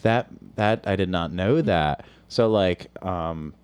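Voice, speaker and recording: A man hosting a comedy podcast, jokey, laughing often and quick to agree. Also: deep voice, a little mellow, smooth. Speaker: podcast host, stand-up comic. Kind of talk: casual podcast chat.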